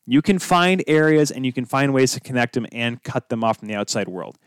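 A man's voice: medium pitch, lively intonation, a little fast, clear, resonant tone, no room sound, studio quality. A man hosting his own sports podcast alone, talking casually and drifting off on tangents with self-deprecating asides. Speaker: podcast host. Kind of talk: solo podcast monologue.

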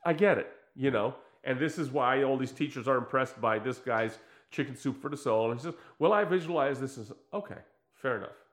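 A man's voice: mid-range voice, a little fast, roomy sound. A man in casual podcast chat, retelling a story with mockery and frequent laughter. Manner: animated storytelling, mocking, laughs often.

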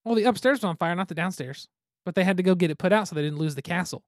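A man's voice: high voice, very fast, no echo, studio quality. A man co-hosting a podcast in casual chat, easygoing and self-deprecating, laughing often. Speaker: podcast co-host.

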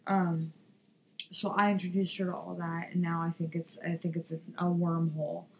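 A woman's voice: on the low side, little pitch movement, moderate pace, darkish tone, slight background noise, poor audio. A young woman hosting a podcast in casual chat, blunt and rambling, swearing freely. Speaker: podcast host.

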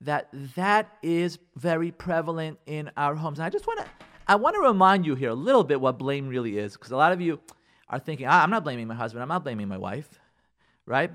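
A man's voice: fairly high pitch, a bit bright. Emphatic man giving marriage advice. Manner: emphatic, acts out spouses' lines, uses Hebrew and Yiddish words. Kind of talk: radio advice talk.

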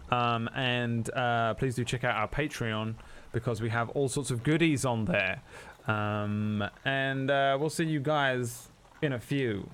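A man's voice: medium pitch, a little slow, fairly bright tone, slight background noise. Rambling, casual male game master. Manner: casual, rambling, filler-heavy. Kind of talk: narrating a tabletop game.

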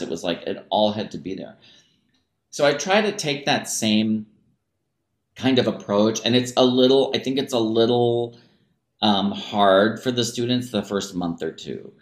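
A man's voice: fairly low pitch, roomy sound. A man, a music teacher, talking casually in an interview and scattering "like" and "you know" through his speech. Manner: casual and chatty, many "like" and "you know" fillers. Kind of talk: relaxed interview talk.

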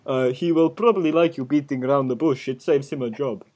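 A man playing a menacing male talent-show judge with a put-on Russian accent, deadpan and threatening. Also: mid-range voice, a little fast, lightly acted. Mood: dry mocking. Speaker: podcast co-host. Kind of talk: improvised comedy sketch.

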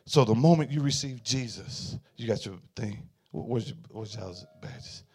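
A male pastor preaching a sermon in a call-and-response style, swinging from quiet murmurs to fervent shouts. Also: fairly low pitch, moderate pace, breathy edge.

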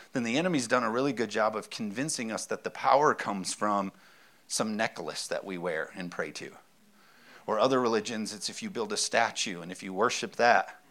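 A man's voice: on the low side, a bit bright. A man preaching a sermon as pastor, talking in a conversational, emphatic way and repeating his key phrases.

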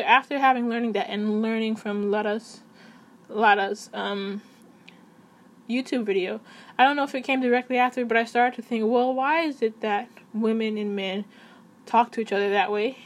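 A woman with a somewhat high voice talks casually to her viewers from her computer. She rambles and corrects herself as she goes, in a loose, chatty vlog manner. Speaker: vlogger. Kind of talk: casual talk to camera.

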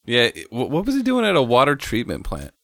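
A man's voice: medium pitch, wildly swooping pitch, a little fast, gravelly, a bit bright, no echo. A man co-hosting a podcast, chatting casually with short, sometimes hesitant replies. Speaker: podcast co-host. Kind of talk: casual chat.

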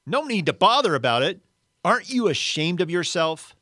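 A man voicing a blustering, self-righteous ghost of a middle-aged man, loud and aggrieved. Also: high-pitched, big pitch swings, moderate pace, no echo, studio quality, pitched above the performer's own voice, exaggerated voice. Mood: indignant.

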